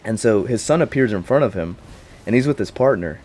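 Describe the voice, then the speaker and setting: Young man, low voice, slangy rambling, casual swearing, one-person recap. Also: animated, a little fast, a little mellow, slightly rough. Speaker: vlogger.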